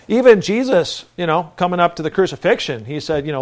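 A man's voice: high voice, animated, fast, few pauses. A middle-aged male pastor preaching a folksy, conversational sermon with self-deprecating asides.

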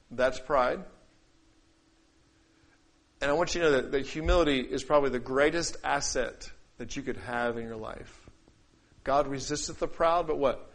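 A man preaching a sermon, acting out quoted voices and scripture, swinging between loud declaiming and quiet asides. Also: medium pitch, moderate pace. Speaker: pastor.

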